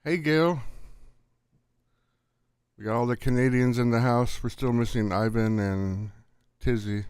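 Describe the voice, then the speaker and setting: A man's voice: mid-range voice, steady tone, unhurried, pauses often, darkish tone, smooth, dry recording, clean studio sound. A middle-aged man hosting a live stream in a casual, chatty way, greeting viewers by name and laughing often.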